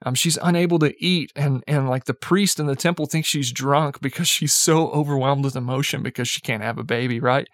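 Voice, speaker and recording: A man's voice: medium pitch, fairly quick, few pauses, no room sound, studio quality. A young man giving a casual sermon, talking conversationally with lots of "like" and "right?" and light chuckles. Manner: chuckles lightly while speaking. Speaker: preacher.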